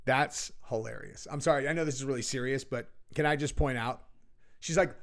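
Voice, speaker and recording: A man's voice: mid-range voice, fairly quick, creaky. A man giving casual, sarcastic reaction commentary and mocking what he hears.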